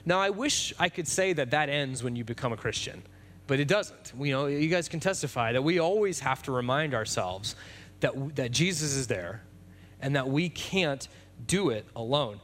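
A man preaching a sermon in a relaxed, conversational way, with fillers and restarts. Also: mid-range voice, moderate pace, slight background noise. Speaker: pastor.

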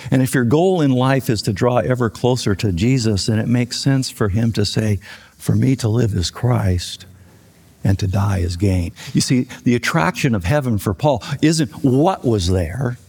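A man's voice: fairly low pitch, vocal fry, a little mellow, slightly rough. An older male pastor preaching a folksy, conversational sermon with light jokes. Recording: long reverb of a large hall.

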